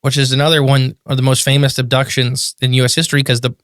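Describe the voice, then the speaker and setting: A man in a casual podcast chat, telling a story with animated bursts of disbelief. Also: medium pitch, fast, no room sound, studio quality.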